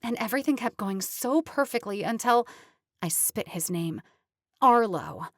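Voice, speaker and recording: A woman's voice: a little high, expressive, normal speed, no echo. Lady reading a rom-com audiobook, chatty, dry close mic. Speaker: audiobook narrator. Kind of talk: scripted first-person narration.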